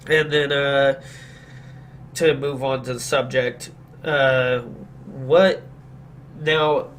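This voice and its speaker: A man's voice: medium pitch, fairly even intonation, drawn-out words, a bit bright, a little hiss or hum. A man hosting a podcast, chatting casually about politics in a blunt, opinionated way and agreeing emphatically. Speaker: podcast host.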